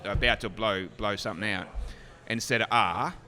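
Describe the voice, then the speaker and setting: An Australian man spins a comic story as a guest on a casual chat show. His voice is bright and forward, and he talks in an animated, joking way, with casual swearing. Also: on the low side, brisk, faint music behind. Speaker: brewery co-owner guest.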